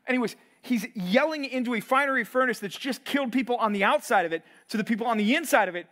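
A man preaching to college students in a fairly high voice. He tells the story in an animated way and slips into playful voices for the people in it. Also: fast talker, hardly any pauses. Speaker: pastor.

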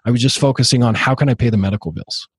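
A man in his early thirties with a slightly husky voice tells his story as a podcast guest. He speaks in a halting way, with many fillers and restarts. The sound is dry and close. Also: mid-range voice, no room sound. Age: 30s. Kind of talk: casual interview storytelling.

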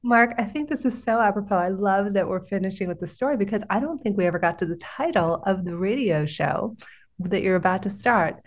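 A woman hosting a podcast interview, reacting with warm enthusiasm. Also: medium pitch, brisk. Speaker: podcast host. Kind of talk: casual interview.

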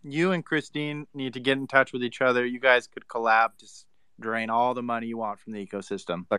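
Male co-host, bright and smooth, dry sarcastic teasing. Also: medium pitch, steady tone, brisk, dry recording. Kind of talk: casual chat.

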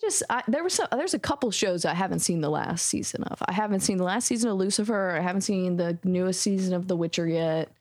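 A woman in her twenties chatting as a guest on a podcast, enthusiastic and swearing casually. Her pitch swings freely up and down as she talks. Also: animated, fast, few pauses, darkish tone, dry recording, studio quality. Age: 20s. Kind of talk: casual chat.

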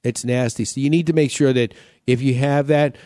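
A man's voice: mid-range voice, fairly even intonation, fairly quick, dark tone, dry recording, studio quality. A man hosting a home-repair radio show, talking casually, repeating himself and cracking jokes. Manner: chatty, repeats himself, joking.

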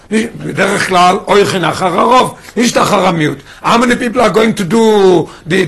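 High, gravelly, fast-talking rabbi. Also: male voice, fairly bright tone. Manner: emphatic, mixes in Yiddish and Hebrew terms. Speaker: rabbi teaching a class. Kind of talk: Torah class lecture.

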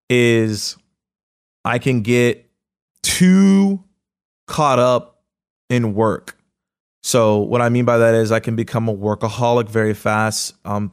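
A man hosting a podcast, speaking in a casual, energetic motivational monologue with lots of fillers and quick bursts. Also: mid-range voice, clean tone. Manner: energetic, casual, fast-talking with many fillers. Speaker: podcast host.

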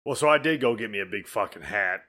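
A man co-hosting a casual podcast, telling stories in an animated way and swearing freely. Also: on the low side, fast. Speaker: podcast co-host. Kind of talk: casual chat.

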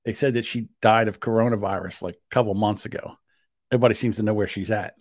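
A man's voice: on the low side, steady tone, quick pace, no echo, clean studio sound. A man co-hosting a casual podcast, rambling and joking and laughing often. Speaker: podcast co-host.

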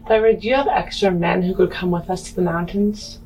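A woman playing in a tabletop game, chatting casually and quickly correcting herself. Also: fairly low pitch, darkish tone, a little hiss or hum, rough recording. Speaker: player.

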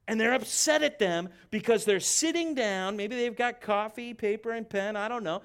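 High-voiced, fervent male preacher. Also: normal speed, few pauses, smooth. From United States. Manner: passionate, emphatic preaching with repetitions. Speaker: pastor. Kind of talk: sermon.

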